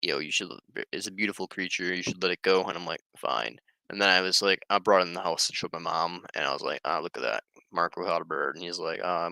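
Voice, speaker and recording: A man's voice: deep voice, vocal fry, bright, forceful tone, dry recording, rough recording. A young man talking in a rambling, offhand and profane casual monologue. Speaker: streamer.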